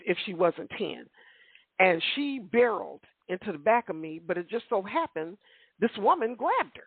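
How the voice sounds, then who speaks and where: Husky woman rambling over a phone line. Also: medium pitch, dry recording. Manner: animated, rambling, rhetorical asides. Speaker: storyteller on a call-in radio show. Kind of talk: casual storytelling. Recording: tinny dry phone line.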